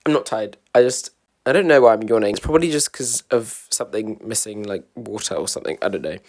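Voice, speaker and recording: A man's voice: on the low side, fast talker, darkish tone. A young man, a student, rambling casually to camera as a vlogger in a self-deprecating way, often restarting his sentences. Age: young adult, a student.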